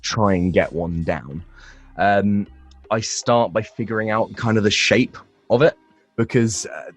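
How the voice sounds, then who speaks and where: A man's voice: on the low side, measured pace, faint music behind. A young man, a voice actor, answering interview questions casually, rambling with fillers and restarts. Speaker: voice actor guest.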